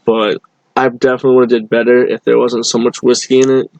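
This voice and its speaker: A man's voice: medium pitch, little pitch movement, a little fast, darkish tone, muffled recording. A young man from telling a rambling bar story in casual chat, full of fillers and restarts. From Boston area. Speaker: guest.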